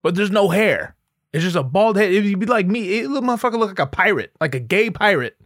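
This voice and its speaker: A man's voice: high voice, animated, fast, a bit bright, no echo, studio quality. A man hosting a podcast, riffing sarcastically and profanely in a casual comedic monologue. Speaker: podcast host.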